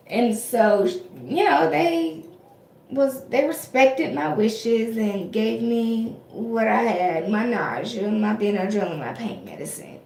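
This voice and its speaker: A young woman with a fairly high voice tells a personal story to her viewers. She talks casually, full of fillers and restarts, and the room around her is echoey. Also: lively intonation, unhurried, creaky. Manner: chatty, frequent fillers and restarts. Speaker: vlogger.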